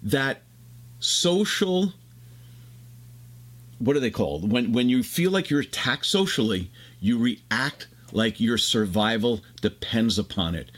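A man's voice: medium pitch, expressive, fairly bright tone. A man hosting a casual conversation, explaining ideas at length. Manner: expansive, explanatory, fast bursts.

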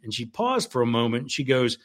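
A man's voice: mid-range voice, big pitch swings, brisk, fairly bright tone. A man, an author, chatting casually with lots of fillers and then reading from his novel. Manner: rambling, fills with "you know" and "like that". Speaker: author guest.

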